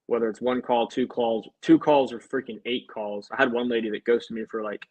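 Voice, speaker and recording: A man's voice: medium pitch, little pitch movement, brisk, poor audio. A young man, an insurance sales agent, chatting casually with a livestream audience between phone calls to prospects. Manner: chatty, upbeat, talks to viewers and then dials prospects.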